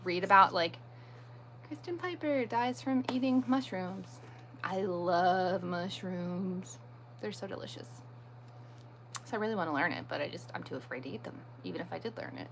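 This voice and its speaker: Bright-voiced chatty woman streaming live. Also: on the high side, slight background noise. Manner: chatty, answers viewer comments as they come; self-deprecating. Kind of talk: casual live-stream chat.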